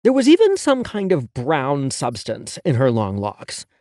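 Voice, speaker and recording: A man narrates a first-person audiobook with a sassy, sarcastic edge and plenty of swearing. His pitch moves a lot, and the close-miked sound is dry. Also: huge pitch swings, a little slow, dark tone, dry recording.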